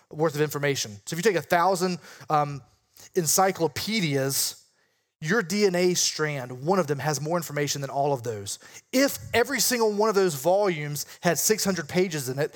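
A man leading an interactive Bible study, questioning the group and explaining points with emphasis. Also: a little high.

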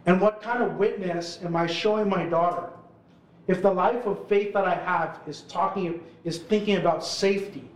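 High-voiced man telling stories in a roomy hall. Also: normal speed. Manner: casual, chatty storytelling full of "like" and "right?". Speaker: urban ministry worker speaking at an event. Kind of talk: live storytelling talk. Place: hall with a live audience.

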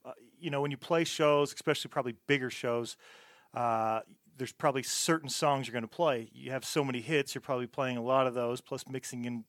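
A man's voice: mid-range voice, steady tone, brisk, fairly bright tone, no echo, clean studio sound. A man hosting an interview, asking long, rambling questions in a friendly way. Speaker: podcast host. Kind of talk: casual interview chat.

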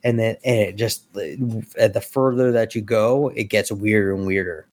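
A man's voice: lowish voice, steady tone, normal speed, darkish tone, no room sound. A man appearing as a podcast guest, chatting casually about comics in a loose way, with lots of fillers and some swearing.

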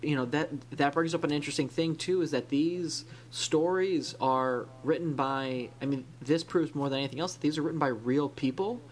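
A man's voice: on the high side, normal speed, hardly any pauses. A man co-hosting a podcast in casual discussion, talking in a thoughtful, rambling way with many restarts. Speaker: podcast co-host.

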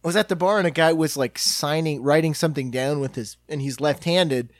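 A podcast co-host chats casually, giggling often and telling stories with quoted voices. The voice sits at a middle pitch. The recording is dry, with no room sound. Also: brisk, no echo. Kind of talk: casual comedic chat.

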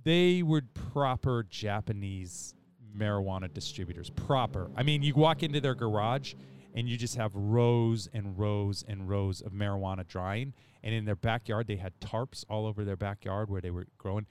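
A man's voice: on the low side, animated, normal speed, a little mellow, a little hiss or hum. A man hosting a podcast, telling a long story in casual chat, laid back and rambling, with restarts and swearing. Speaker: podcast host.

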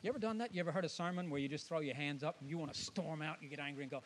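High-voiced man preaching emphatically. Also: very fast, few pauses, slight background noise. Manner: emphatic, acts out the voices of listeners and biblical figures. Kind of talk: sermon.

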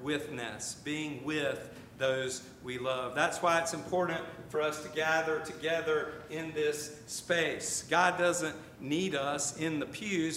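An older man, a pastor, preaching a sermon in a conversational way with asides and emphatic repetition. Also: fairly bright tone. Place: church sanctuary. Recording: echoey church room with faint rumble.

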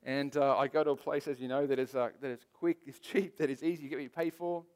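A man's voice: medium pitch, fairly even intonation, fast, a little mellow. A man preaching a sermon as pastor, telling stories in a conversational way and repeating key phrases for emphasis. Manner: conversational storytelling with personal anecdotes; emphatic repetition.

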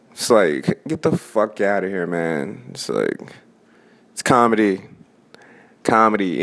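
Man, 20s, slightly low voice, profane rambling stand-up comic venting. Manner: profane, rambling, restarts mid-sentence. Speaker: open-mic comedian. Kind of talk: casual rant.

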